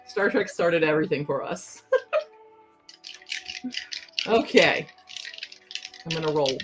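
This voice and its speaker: A woman's voice: on the low side, lively intonation, normal speed, pauses often, a bit bright, soft background music. A young woman hosting a casual livestream from home, chatting and giggling as she answers her chat aloud. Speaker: livestream host.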